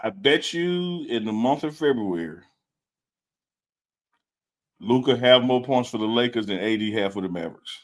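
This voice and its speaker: A man's voice: mid-range voice, lively intonation, moderate pace, long pauses. A man co-hosting a live sports talk stream, teasing his partner and repeating his points for emphasis. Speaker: co-host. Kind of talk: casual sports debate. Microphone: live stream setup.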